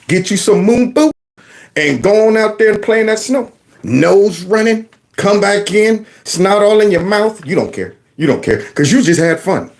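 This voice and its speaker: Speaking in a high voice with vocal fry, this man, once a teacher, runs his own channel. His commentary is a casual, lively rant with a folksy streak, and he often performs different voices.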